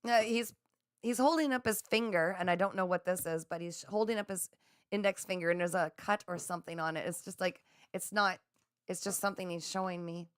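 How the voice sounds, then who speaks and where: Woman psychic host, low-ish voice, gentle and affirming, dry close sound. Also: smooth, no room sound. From Canada. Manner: gentle, affirming, slow and soothing. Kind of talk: live spiritual chat reading viewer comments.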